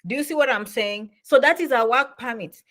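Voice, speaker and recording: A woman talks straight to her viewers in a casual explainer style. She is animated and repeats herself, checking in with "okay?" and "you understand?" as she goes. Her voice sits a little high for a woman. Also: fairly quick. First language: not English. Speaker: immigration advice vlogger.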